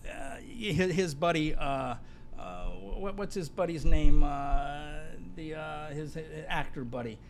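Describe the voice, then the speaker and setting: A man's voice: fairly high pitch, slow pace, gravelly, a little hiss or hum. A man who owns a donut shop, a guest telling rambling celebrity stories full of fillers and "dude". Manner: animated, rambling, many fillers, says "dude". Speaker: donut shop owner and chef, podcast guest. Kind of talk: casual storytelling chat.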